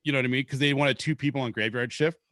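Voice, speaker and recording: A man's voice: mid-range voice, fairly even intonation, rapid-fire, fairly bright tone, dry recording, studio quality. Laid-back man telling a rambling story. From Seattle, Washington. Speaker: podcast host. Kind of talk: casual storytelling chat.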